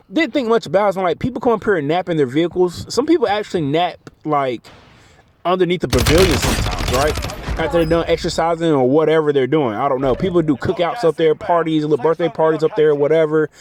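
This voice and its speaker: A man's voice: fairly high pitch, fast, darkish tone. A man telling a personal story in a casual, chatty monologue, often checking in with the listener. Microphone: phone mic. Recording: clearly noisy background.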